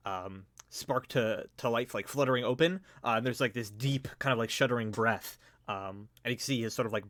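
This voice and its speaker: A man narrates a tabletop game as game master. He talks in a loose, rambling way full of fillers and hedges. His voice sits mid-pitch and sounds dry, close to the mic. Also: fairly bright tone, no room sound.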